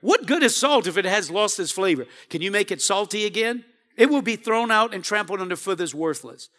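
A man's voice: high voice, expressive, a little fast, sharp tone. A pastor preaching a sermon, calling out to his congregation for responses.

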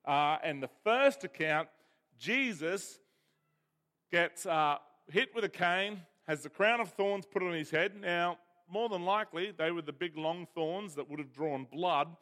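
Man, sermon, emphatic explaining, fairly high voice, long hall reverb. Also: measured pace, fairly bright tone. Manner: explanatory, emphatic, reads scripture aloud. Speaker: preacher.

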